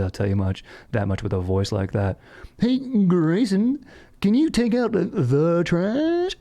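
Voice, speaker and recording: A man's voice: fairly low pitch, dark tone. A man hosting a comedy podcast, riffing in laid-back slang and saying "dude" all the time. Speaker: podcast host. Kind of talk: casual comedic podcast chat.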